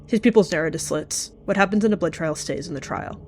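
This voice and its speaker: A woman's voice: on the low side, quick pace, hardly any pauses, breathy edge, faint music behind. A woman giving dramatic, vivid storytelling narration of a game roleplay. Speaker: channel host narrating a roleplay.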